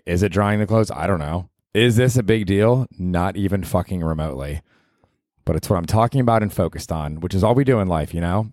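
A man's voice: sits low, darkish tone, dry recording, studio quality. A man in his forties hosting a casual solo podcast, rambling and profane with a self-mocking streak. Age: 40s. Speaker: podcast host. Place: apartment.

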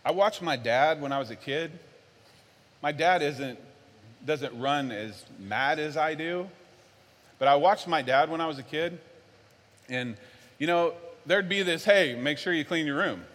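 A man preaching a sermon, animated, swinging from low and earnest to loud and worked-up. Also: unhurried, long pauses. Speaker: pastor. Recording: long hall reverb.

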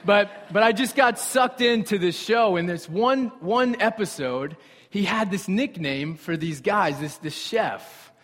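A young man preaching a sermon with animated storytelling and conversational asides to the congregation. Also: high-pitched, unhurried. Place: church sanctuary. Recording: reverberant hall.

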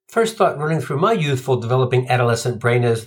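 Lively up-and-down stand-up comic, sardonic, swears a lot. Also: medium pitch, brisk. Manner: sardonic and profane storytelling. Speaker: comedian. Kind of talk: stand-up routine.

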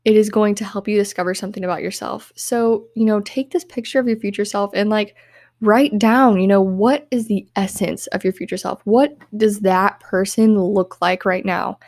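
A young woman speaks in an earnest, heartfelt monologue for her self-help podcast, her voice tearful and near to crying. Her pitch sits mid-range, and the close, dry recording carries no room sound. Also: fairly even intonation, moderate pace, darkish tone, no echo. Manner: earnest, heartfelt, uses "like" often. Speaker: podcast host.

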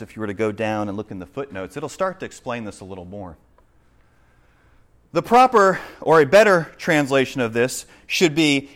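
A man preaching a sermon, swinging between loud, urgent questions and hushed explanation. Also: medium pitch. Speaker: pastor.

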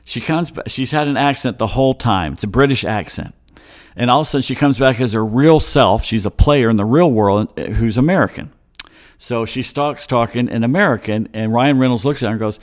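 A man's voice: medium pitch, fairly quick. A man hosting a casual sports talk show, rambling through stories with wry, chatty asides.

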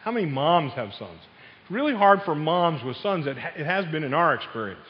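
An older man preaching a sermon, telling family stories with sudden loud outbursts. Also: on the high side, very animated, a little fast. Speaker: pastor. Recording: dull sound with long hall reverb.

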